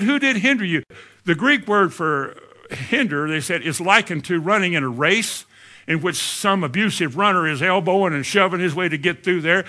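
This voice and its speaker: A man preaches a sermon, talking with his congregation more than at them. His voice sits a bit high and rings bright and forward. He keeps tossing questions out to the room as he goes.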